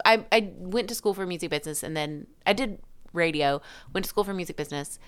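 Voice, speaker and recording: Podcast co-host, woman, low and clear, chatty self-mocking storyteller. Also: fast, a bit bright. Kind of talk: casual chat.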